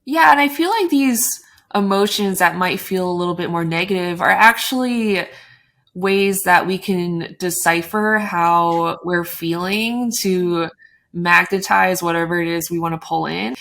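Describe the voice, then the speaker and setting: A woman hosting a podcast, talking about tarot in a reflective, measured way with frequent "like" and "you know". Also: on the low side, gravelly, a bit bright. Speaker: podcast host. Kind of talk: casual spiritual conversation.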